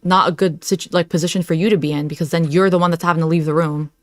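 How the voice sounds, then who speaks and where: A woman's voice: deep voice, steady tone, rapid-fire, no room sound. A woman hosting a reaction video, giving sarcastic commentary and laughing at her own remarks.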